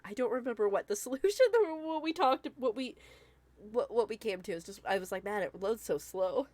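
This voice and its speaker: A woman's voice: a little high, lively intonation, fairly quick, darkish tone, no room sound. A young woman with the hiccups, chatting casually and laughing often while streaming a video game. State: has the hiccups. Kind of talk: casual gameplay chat.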